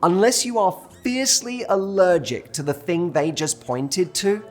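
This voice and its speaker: Soft music plays under this British man's high-sitting, slightly slow voice. Working as a dating coach, he delivers relationship advice to camera through a story, performing the lines of the waiters in it.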